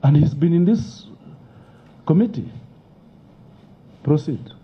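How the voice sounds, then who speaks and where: A man's voice: a little high, expressive, slow, muffled recording. A Kenyan man and member of parliament testifying at a committee hearing, arguing insistently and emotionally, often cutting in. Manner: interrupts, argues insistently, emotional. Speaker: member of parliament moving an impeachment.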